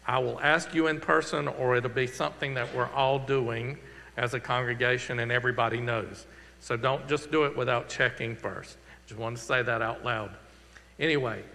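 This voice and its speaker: A man's voice: mid-range voice, steady tone, vocal fry, bright, forceful tone. A man with a Southern accent, a pastor giving earnest, conversational church announcements and a closing prayer. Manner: earnest, conversational, slowing for emphasis. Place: church sanctuary. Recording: long reverb of a church hall.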